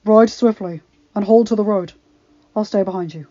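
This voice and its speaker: A woman reading as a beastly young prince who speaks sharply and urgently, protective and alarmed. His lines ring out loud. The sound is dull and lo-fi. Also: medium pitch, moderate pace, dry recording, lightly acted. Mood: commanding. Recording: dull lo-fi recording.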